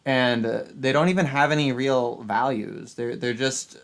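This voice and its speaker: A man's voice: mid-range voice, fairly even intonation, a little slow. A man hosting a casual chat stream, rambling and sarcastic, often restarting his sentences. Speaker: streamer and channel host.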